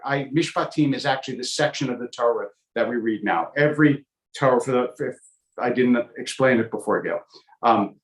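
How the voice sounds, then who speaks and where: A man who teaches a weekly Torah class as a rabbi. He speaks conversationally, thoughtfully and with wry humor, and he wanders off on digressions with frequent ums. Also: medium pitch. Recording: roomy echo.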